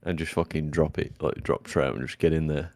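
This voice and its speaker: Deep-voiced man, laughing. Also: steady tone, fairly quick, a little mellow, no room sound, studio quality. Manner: laughs a lot, hesitant, swears. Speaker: podcast co-host. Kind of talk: crude casual chat.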